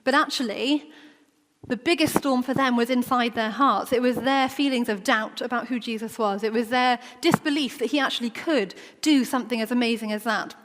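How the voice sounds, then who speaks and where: A woman's voice: on the high side, moderate pace, a bit bright. A woman preaching a sermon in a church, talking in a conversational way and acting out the quoted voices. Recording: long church reverb.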